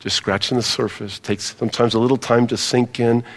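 A man's voice: medium pitch, steady tone, fairly quick, big-room sound. A male pastor preaching a sermon, emphatic, repeating key phrases and calling on the congregation to respond.

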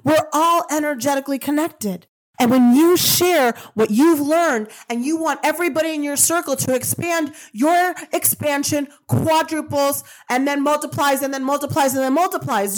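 A woman hosting a spiritual self-help podcast, talking emphatically in repeated affirmations and swearing casually. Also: high voice. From Colombian-American. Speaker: podcast host. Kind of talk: motivational spiritual podcast monologue.

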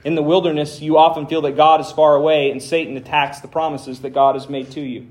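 Higher-voiced man preaching with dry humor. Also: level tone, fairly quick, a little mellow. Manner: reads scripture aloud with dramatic emphasis. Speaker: pastor. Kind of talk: sermon.

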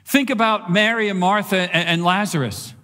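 A male pastor preaching a sermon in a church, animated and conversational, repeating phrases for emphasis. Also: sits high, moderate pace. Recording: long reverb of a large hall.

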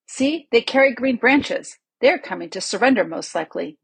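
A woman reading the part of a cunning, smooth-talking male lord with a measured, insinuating manner. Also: on the high side, lively intonation, no room sound, pitched above the performer's own voice, exaggerated voice.

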